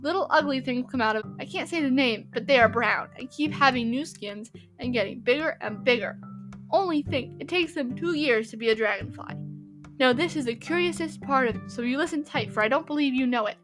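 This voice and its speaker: A woman reading the part of an earnest, eager little boy telling about insects, with excited run-on phrasing. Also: high-pitched, brisk, music in the background, natural voice.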